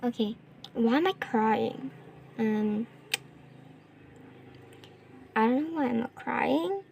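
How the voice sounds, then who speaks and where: Young woman, high-pitched, unhurried, rambling, filler-heavy casual game commentary. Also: creaky, a little hiss or hum. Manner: rambling, lots of fillers, excitable gasps. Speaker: gaming vlogger.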